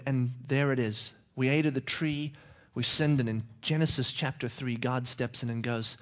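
A man's voice: mid-range voice, fairly even intonation, normal speed. A male preacher giving a conversational sermon, often checking in with his listeners with "okay?".

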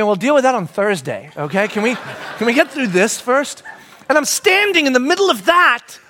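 A man's voice: very high-pitched, bright, forceful tone. A middle-aged man preaching a sermon, telling a family story with lots of energy and acting out his children's voices. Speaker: pastor.

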